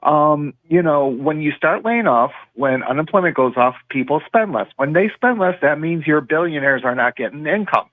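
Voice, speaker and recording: A male caller who rambles through a heated rant. His voice sits a little high. It comes through a thin, tinny phone line with a dry sound. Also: expressive, moderate pace, hardly any pauses, dry recording. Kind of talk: call-in talk radio.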